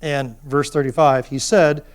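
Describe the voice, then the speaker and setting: A man with a high speaking voice lectures a university class. He is animated and keeps drawing the students in with questions. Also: unhurried, smooth.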